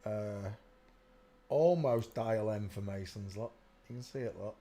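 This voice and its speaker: A man's voice: on the low side, measured pace, dark tone. A man hosting a live stream, talking casually in a rambling way and often telling viewers to look at pictures. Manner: rambling, keeps saying "look" while pointing at pictures.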